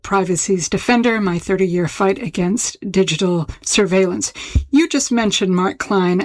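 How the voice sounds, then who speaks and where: A woman hosting an interview, reading a measured introduction and asking a question. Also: mid-range voice, no room sound. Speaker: interview host.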